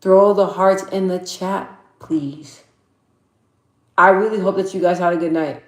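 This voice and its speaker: In an echoey room, a young livestream host chats casually with viewers, reading the chat and laughing a lot. She speaks in a steady, lowish voice, a little slowly, pausing often.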